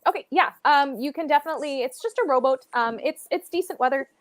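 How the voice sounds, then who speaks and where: High-pitched woman running a tabletop game, chatty and loose, full of fillers. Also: fast talker, no echo. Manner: rambling, loose, many fillers. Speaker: game master.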